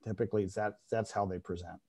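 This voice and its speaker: A man's voice: lowish voice, steady tone, brisk, a little mellow, breathy edge. A middle-aged man giving a veterinary radiology lecture to a class, explaining step by step and often checking in with "okay?".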